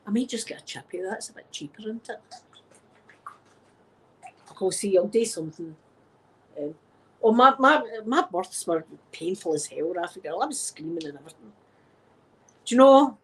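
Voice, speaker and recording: A woman's voice: mid-range voice, a little hiss or hum. A middle-aged Scottish woman with a sore throat, chatting casually to her viewers and laughing often as she tells stories. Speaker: YouTube vlogger. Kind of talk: rambling casual chat to viewers.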